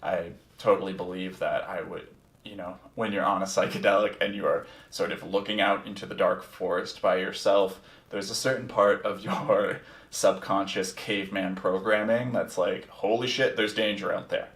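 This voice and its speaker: A man's voice: low voice, steady tone, moderate pace, a bit bright, distant mic. A man hosting a podcast, telling a personal story in a candid, reflective way and swearing freely. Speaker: podcast host. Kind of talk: casual first-person storytelling. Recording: roomy sound, set back from the mic.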